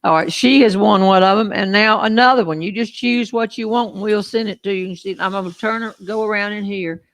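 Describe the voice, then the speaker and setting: Gravelly older Southern woman. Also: medium pitch, brisk. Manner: chatty, teasing, folksy. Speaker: host. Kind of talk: casual chat. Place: back porch outdoors.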